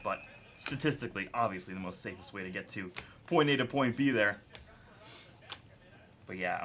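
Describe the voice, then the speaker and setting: Chatty young man with a bright voice. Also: medium pitch, slight background noise. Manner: chatty storyteller, laughs often, calls names of pulled cards. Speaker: card break host. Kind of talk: casual chat while opening cards.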